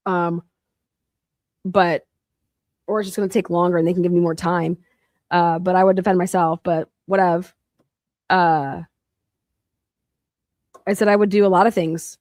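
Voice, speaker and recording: A woman's voice: on the low side, steady tone, unhurried, pauses often, a little mellow, no echo. Furious profane woman ranting into a dry mic. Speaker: podcast host. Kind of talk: angry monologue.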